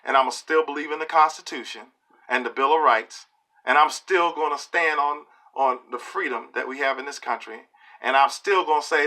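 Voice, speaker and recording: A middle-aged man giving an opinion monologue to camera, emphatic and preachy, often pausing to ask "okay?". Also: a little high, bright, forceful tone. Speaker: video blogger.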